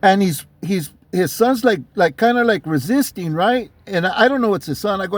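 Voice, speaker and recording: A man with a fairly high voice tells a story to camera in a loose, conversational way, full of street slang and restarts. The sound is dry and close. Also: lively intonation, moderate pace, few pauses, no echo. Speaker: channel host.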